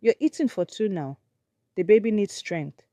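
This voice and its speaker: A woman voicing a domineering older mother-in-law who speaks in sharp commands. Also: mid-range voice, animated, moderate pace, no echo, clean studio sound, close to an everyday voice. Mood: commanding.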